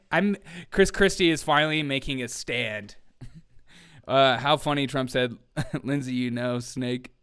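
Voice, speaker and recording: A man's voice: mid-range voice, slow pace, pauses often, fairly bright tone, clear, resonant tone. A man hosting a comedy news show, sarcastic and laughing often as he riffs. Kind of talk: casual comedic commentary.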